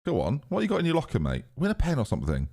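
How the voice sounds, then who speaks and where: A man's voice: medium pitch, huge pitch swings, rapid-fire, a little mellow. A British man streaming a football management game live, chatting sarcastically and reading out his viewers' messages. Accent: British English. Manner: chatty, sarcastic, reads chat aloud. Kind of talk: casual live-stream commentary.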